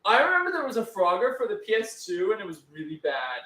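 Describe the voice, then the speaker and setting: A man's voice: sits high, huge pitch swings, quick pace, pushed and bright, roomy sound. A man co-hosting a casual livestream, rambling and telling stories to the chat. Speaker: co-host.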